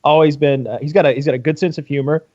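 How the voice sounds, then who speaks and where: A man's voice: on the high side, steady tone, quick pace, darkish tone, no echo, lo-fi sound. A man co-hosting a podcast, rambling and repeating words in casual banter. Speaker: podcast co-host.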